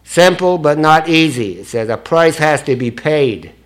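An older man telling his story to a recovery meeting, blunt and profane and self-mocking, swinging from hushed recollection to loud laughter. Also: on the high side, expressive, measured pace. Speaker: speaker sharing at a recovery meeting. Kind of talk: storytelling speech to an audience.

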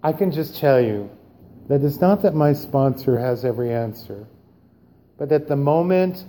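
A man sharing his own story at a recovery meeting, animated and acting out dialogue, then growing quiet and subdued on serious parts. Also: mid-range voice, moderate pace, a little hiss or hum. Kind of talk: personal recovery share.

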